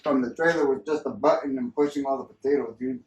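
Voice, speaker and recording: A man's voice: mid-range voice, fast, distant mic, lo-fi sound. Casual male co-host, swears a lot, rambles, off-mic in a roomy space. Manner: profane, rambling storyteller. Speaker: podcast co-host. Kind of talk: casual chat. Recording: roomy sound, voice away from mic, faint ambience.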